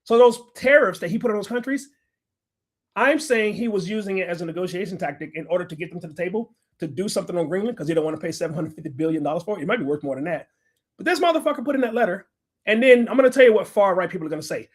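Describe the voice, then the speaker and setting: A man's voice: sits high, expressive, rapid-fire. A man in his forties from the United States, ranting bluntly and profanely in heated livestream commentary. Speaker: livestream host, general contractor.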